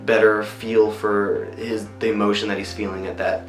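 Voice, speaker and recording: A young man talks easily about voicing characters, filling his pauses with ums and you-knows. His voice sits somewhat low. It rings with a roomy echo, and soft music plays underneath. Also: little pitch movement. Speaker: voice actor. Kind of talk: behind-the-scenes interview. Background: faint music.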